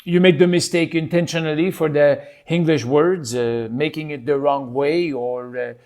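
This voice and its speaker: A man voicing a Quebecois Canadian man with a French accent who speaks halting, deliberately broken English. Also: fairly high pitch, fairly even intonation, darkish tone, close to an everyday voice. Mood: explaining.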